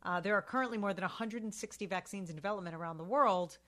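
A woman's voice: mid-range voice, fast, a bit bright. A woman co-hosting a talk show, chatting about the news in an opinionated way with sarcastic asides.

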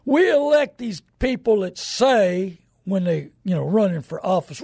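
A man hosts a radio talk show, rambling and emphatic as he acts out the people in his stories. His voice sits high for a man, with a gravelly, husky edge, and the recording is close and dry. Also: big pitch swings, measured pace, darkish tone, dry recording. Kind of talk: folksy radio talk monologue.

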